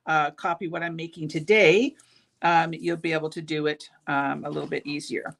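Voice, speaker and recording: A woman's voice: on the low side, fairly bright tone. Chatty woman hosting a bead show. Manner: chatty, rambling, with frequent ums and restarts; enthusiastic about the beads. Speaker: bead shop owner hosting a live show. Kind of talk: casual live-stream product demo. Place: jewelry shop studio, indoors.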